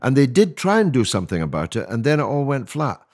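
A man's voice: medium pitch, sing-song, fast, a little mellow. An older man, a guest on a podcast interview, talking in an emphatic, rhetorical way with many restarts. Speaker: mayoral candidate guest.

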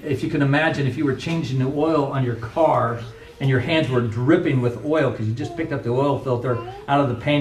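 A middle-aged pastor preaching a sermon with earnest, emphatic delivery, recorded from a distance in a church sanctuary. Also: male voice, medium pitch. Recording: echoey room, voice from a distance.

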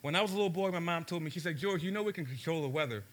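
A man's voice: on the high side, racing, a bit bright. A man from Baltimore preaching a sermon to a live audience, engaging the crowd with questions and telling stories with shifting pace. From Baltimore, USA. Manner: storytelling, shifts pace for emphasis.

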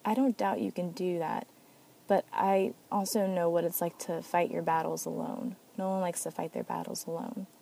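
Protective cop guy, earnest and worried, woman reading him, mellow low voice. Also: fairly even intonation, normal speed, creaky, slight background noise. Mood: concerned. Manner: earnest, concerned. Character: male officer, earnest and protective.

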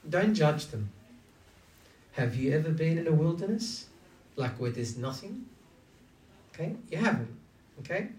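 A man's voice: a little high, lively intonation, unhurried, pauses often, darkish tone. A man preaching a conversational sermon who keeps asking his listeners questions. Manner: engaging, asks the audience many rhetorical questions. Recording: echoey room, distant from mic.

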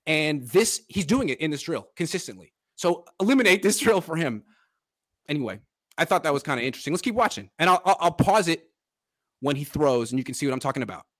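Animated man breaking down football film. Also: fairly high pitch, fast talker. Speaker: podcast host. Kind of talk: casual sports chat.

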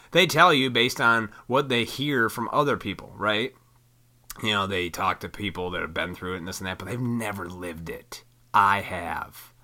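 A man with a low voice rants into a microphone, swearing freely and preaching bluntly. His pitch swings widely from line to line. His tone is bright and forceful. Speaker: solo podcast host. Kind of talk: ranting monologue into a microphone. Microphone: studio microphone.

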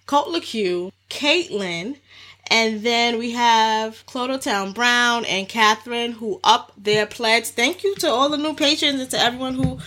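A woman co-hosting a podcast in casual chat, upbeat and quick to laugh, reading out supporter names. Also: on the high side, pushed and bright. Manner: upbeat, laughs often, reads listener names. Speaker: podcast co-host.

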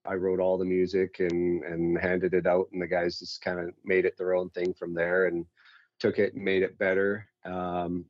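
A man with a very low voice talks in a loose, rambling way, making fun of himself as he goes. The sound is dull and lo-fi, like call audio, and it's dry with no room sound. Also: completely flat delivery, moderate pace, no echo. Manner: rambling, self-deprecating, laid-back. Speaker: musician guest, band singer. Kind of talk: casual chat on a call.

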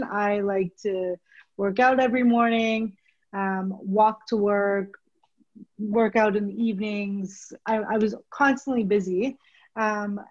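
A woman co-hosting a podcast, talking candidly in casual chat, often pausing on "um". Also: medium pitch, a little mellow. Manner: candid, lots of "um" fillers. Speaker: podcast co-host. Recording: dull lo-fi podcast recording.

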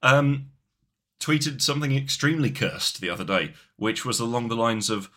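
A man's voice: mid-range voice, normal speed, bright, forceful tone. A man with a Yorkshire accent co-hosting a comedy podcast, chatting casually in a dry, rambling, sweary way. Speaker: podcast co-host.

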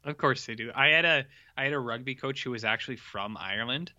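A man's voice: mid-range voice, fast, pushed and bright, no room sound, highs cut off. A young man co-hosting a podcast, chatting casually and joking around. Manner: joking, puts on a mock Irish accent. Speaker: podcast co-host. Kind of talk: casual chat.

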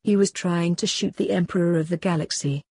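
A woman reading a story aloud, voicing a stern grown man who is a secret agent and a father, in a husky, matter-of-fact way. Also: on the low side, steady tone, a little fast, darkish tone, no echo.

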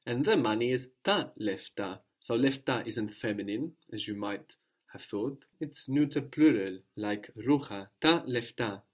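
A man with a middle-pitched voice leads a spoken language lesson. He prompts his student step by step and repeats each answer back slowly and clearly, with patient encouragement. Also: expressive. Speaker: language teacher.

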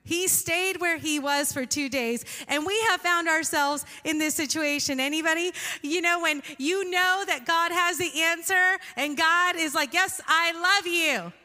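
High, bright woman preaching in a hall. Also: a little slow, few pauses. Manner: emphatic and animated, with audience call-outs. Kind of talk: sermon. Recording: long hall reverb.

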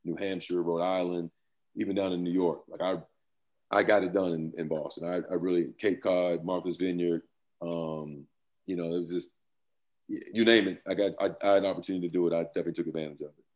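Deep-voiced man telling football stories. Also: steady tone, fast talker, a little mellow. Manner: loose, rambling, laughs often. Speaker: former pro football player, guest. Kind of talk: casual interview talk.

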